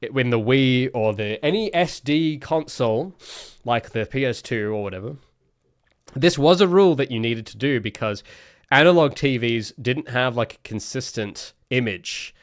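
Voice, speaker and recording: A young solo game developer talks through interface design on a livestream in a mid-range, expressive voice at normal speed. His casual commentary is loose and rambling, full of restarts and fillers, with clean studio sound and no room sound.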